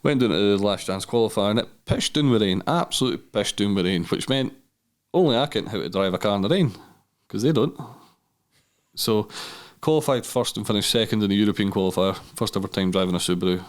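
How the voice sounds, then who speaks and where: A Scottish man with a low voice tells a story in easy podcast chat. He swears freely and slips into other people's voices to act out conversations. His delivery stays loose and lively. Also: fast talker. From Scotland. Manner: swears freely, animated storytelling with acted-out dialogue. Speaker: podcast guest.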